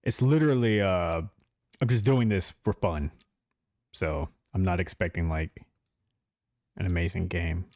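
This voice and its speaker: A man's voice: deep voice, a little slow, long pauses, darkish tone, no echo, clean studio sound. A man streaming a game live, chatting casually and talking straight to his chat, laughing easily.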